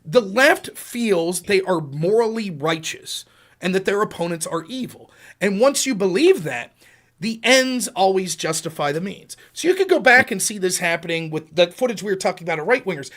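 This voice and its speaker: A middle-aged man hosting a political talk show, telling stories and acting out quotes with sudden jumps in pitch and volume. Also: expressive, normal speed, a bit bright. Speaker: podcast host. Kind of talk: political commentary, storytelling.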